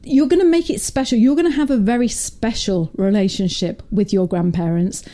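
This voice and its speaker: A woman with a mellow, mid-range voice co-hosts a podcast at a moderate pace. She chats casually and tells stories, laughing often.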